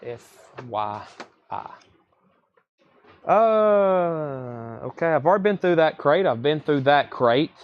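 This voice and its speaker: Man, fairly high voice, quick casual listing of titles and prices, live sales stream. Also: lively intonation, highs cut off. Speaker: record seller on a live stream.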